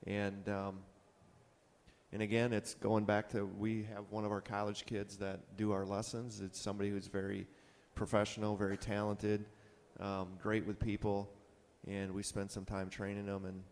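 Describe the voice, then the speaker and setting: A man's voice: fairly low pitch, completely flat delivery, moderate pace, a little mellow. Man telling stories in an echoey hall. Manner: casual, rambling anecdotes with acted quotes. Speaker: boat dealer panelist. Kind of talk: storytelling at a conference panel. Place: conference hall. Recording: long hall reverb.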